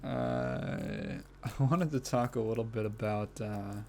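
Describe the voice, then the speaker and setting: Man, podcast host, casual solo chat, rambling, swears a lot, frequent laughs, medium pitch. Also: slow pace, creaky, darkish tone, a little hiss or hum. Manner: rambling, profane, laughs often mid-sentence.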